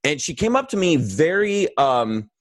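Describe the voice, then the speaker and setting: A man guest in a casual conversation, telling an anecdote with lively acted-out quotes and fillers. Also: a little high, measured pace, no echo. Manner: animated storyteller, acts out quoted lines.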